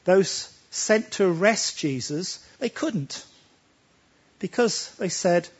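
A man's voice: high voice, animated, takes it slowly, breathy edge, highs cut off. A man preaching a sermon, talking emphatically and pressing his listeners with rhetorical questions.

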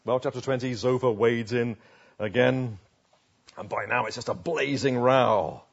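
A man preaching a sermon through a Bible passage, wry and conversational, often dropping into quiet asides. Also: medium pitch, unhurried, vocal fry, dull audio. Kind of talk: expository sermon.

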